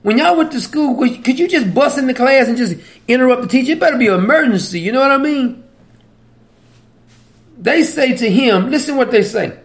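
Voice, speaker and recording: Male preacher, high voice, conversational, teasing questions to the congregation. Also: expressive, fairly quick. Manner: conversational, asks the audience questions, laughs at his own points. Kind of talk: sermon.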